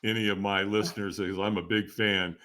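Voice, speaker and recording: Bright-voiced man telling stories. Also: on the low side, a little fast. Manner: animated storyteller, laughs often, acts out quoted dialogue. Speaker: podcast guest. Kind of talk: storytelling interview.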